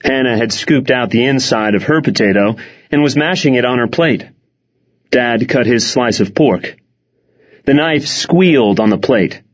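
A man narrates a first-person audiobook, wry and expressive. His pitch moves a lot, with lively rises and falls. The recording is dull and lo-fi. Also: unhurried.

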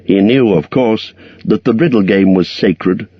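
A man narrating a storybook in a measured, expressive reading. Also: fairly low pitch, breathy edge, no room sound, dull audio. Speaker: audiobook narrator.

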